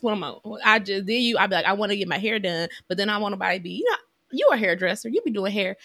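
A woman, chatting casually as a podcast co-host and telling animated stories. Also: mid-range voice, dry recording. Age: 30s. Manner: chatty and animated, with lively storytelling. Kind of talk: casual chat.

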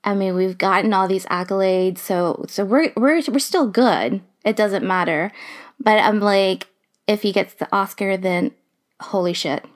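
A woman co-hosting a casual podcast, talking in an excitable, gushing way and repeating herself. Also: medium pitch, a little slow. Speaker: podcast co-host.

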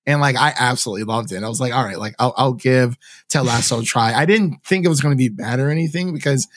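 A man's voice: mid-range voice, fast talker, no room sound, clean studio sound. A man hosting a podcast, chatting casually and enthusiastically, rambling with lots of "like" and quoted asides. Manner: rambling, enthusiastic, heavy use of "like". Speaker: podcast host. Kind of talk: casual chat.

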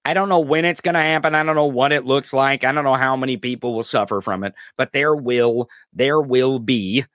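A man's voice: medium pitch, a little fast, fairly bright tone, no echo, studio quality. A man hosting a podcast, ranting in angry, profane and sarcastic political commentary. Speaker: podcast host.

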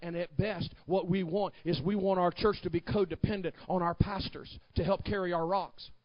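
Male pastor, high-pitched and dramatic, preaching a sermon with shouted peaks and quiet story passages, dry lo-fi recording. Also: steady tone, normal speed, dry recording. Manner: preaching with shouted climaxes, then hushed storytelling.

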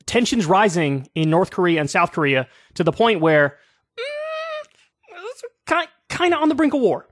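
A man's voice: high voice, fairly bright tone, no room sound, studio quality. Casual profane male commentary host. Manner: casual, profane, sarcastic, lots of fillers. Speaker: political commentary show host. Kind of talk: casual solo political commentary.

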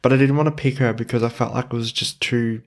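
A male podcast co-host talking about films with a friend. He gets excited, jumps in fast, and swears at his co-host in jest, in a plain mid-range voice. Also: medium pitch. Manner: excitable, quick to protest and mock. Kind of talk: casual film podcast chat.

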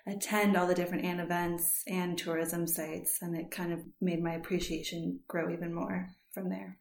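A woman's voice: lowish voice, little pitch movement, moderate pace, vocal fry, roomy sound. A woman from Prince Edward Island, reflecting casually on a podcast. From Prince Edward Island, Canada. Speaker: podcast co-host.

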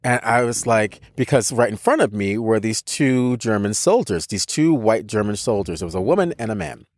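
A man's voice: on the low side, lively intonation, normal speed, no room sound, clean studio sound. A man with an American accent, a podcast co-host telling a personal story in casual conversation, emphatic, with many restarts and repeated words. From United States.

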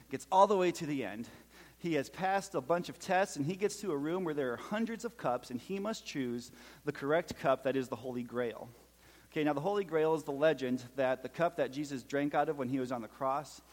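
A man's voice: on the high side, big-room sound. A man in his thirties with a Minnesotan accent, preaching a sermon and telling stories with jokes, often checking in with "okay?". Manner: storytelling with jokes, frequent "okay?" check-ins. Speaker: pastor.

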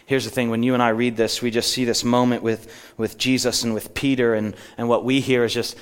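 A man's voice: mid-range voice, flat delivery, clear, resonant tone. Man preaching, retelling a scripture story. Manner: storytelling, slows down for emphasis and quotes. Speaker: pastor. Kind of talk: sermon. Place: church.

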